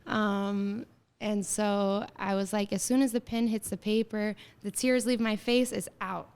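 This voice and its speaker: A woman of about thirty speaks as an interview guest, her voice sitting at an ordinary pitch with a gravelly fry running through it. She tells her story in an animated way, acting out quoted lines and scattering filler words through her speech. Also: moderate pace. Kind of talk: casual interview conversation.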